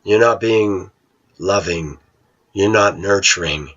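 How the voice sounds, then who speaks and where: A man's voice: low voice, takes it slowly, fairly bright tone, lo-fi sound. A middle-aged man with a blunt, ranting manner, talking casually to viewers in a vlog. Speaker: vlogger.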